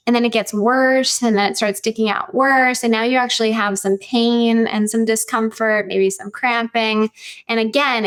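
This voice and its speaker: A woman naturopathic doctor on a podcast, explaining clearly and methodically, listing points step by step. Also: on the high side, a bit bright.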